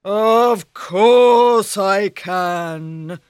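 A woman voicing a big, ugly male ogre in a storybook, slow and threatening. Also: a little mellow, clear, resonant tone, no room sound, clean studio sound. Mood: menacing. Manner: slow, booming, menacing. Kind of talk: storybook reading.

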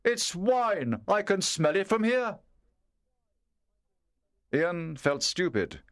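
A man narrating a story in a measured, clear reading voice. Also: medium pitch, no room sound, clean studio sound.

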